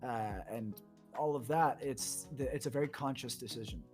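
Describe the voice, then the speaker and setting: A man on a casual tabletop podcast, talking slowly and haltingly with many fillers as he searches for words. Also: mid-range voice, a little mellow, soft background music. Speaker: podcast host and player. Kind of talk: casual chat.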